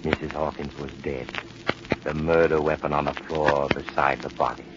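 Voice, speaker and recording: A man narrating a 1940s radio mystery drama in a grave, measured way. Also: rumbling low, flat delivery, highs cut off. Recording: scratchy, very noisy old radio recording.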